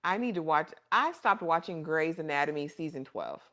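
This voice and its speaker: A woman's voice: low-pitched, animated, normal speed, fairly bright tone. A woman hosting a casual livestream, chatting and reading viewer comments in an affectionate, chatty way. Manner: chatty and affectionate, calls viewers honey and baby. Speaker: livestream host.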